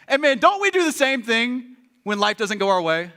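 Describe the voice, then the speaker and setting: Bright-voiced, animated male pastor. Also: very high-pitched, moderate pace. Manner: animated, joking, acts out quotes. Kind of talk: sermon. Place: church.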